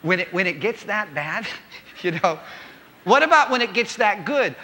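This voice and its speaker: A man serving as pastor, introducing a guest speaker from the pulpit in a playful, animated way that acts out quotes. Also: sits high, moderate pace, noisy background. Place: large church sanctuary. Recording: hall reverb from the sanctuary.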